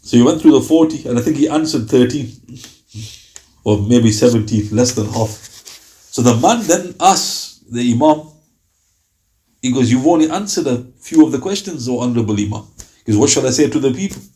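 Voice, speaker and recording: A man's voice: medium pitch, lively intonation, normal speed, pauses often, dark tone. A man giving a religious lecture on early Islamic scholars, telling stories with quoted dialogue. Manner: storytelling with acted-out quotes.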